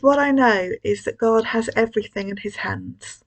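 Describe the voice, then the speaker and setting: A woman leading a school collective worship, telling a story to children in a gentle, expressive way with hushed moments. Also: fairly high pitch, normal speed, low-quality recording. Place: church.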